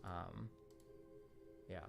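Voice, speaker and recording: A man's voice: low-pitched, fairly even intonation, vocal fry, faint music behind. A man talking casually on a livestream, rambling with lots of fillers and swearing, blunt and exasperated. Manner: rapid, rambling, profane, heavy fillers. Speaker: streamer.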